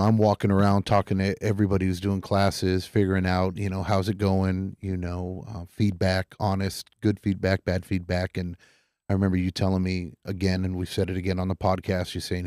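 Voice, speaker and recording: A man's voice: low-pitched, flat delivery, a little fast, a little mellow, no echo, studio quality. A man co-hosting a podcast, talking earnestly in a casual way, often repeating himself.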